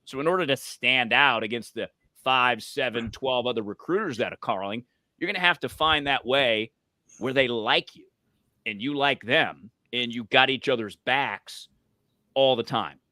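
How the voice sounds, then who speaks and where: A man's voice: medium pitch, normal speed, bright, forceful tone, no echo. A man, a former radio voice, giving conversational advice on using the voice, swinging up and down for emphasis. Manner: uses his voice up and down for emphasis. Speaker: podcast guest, voice coach.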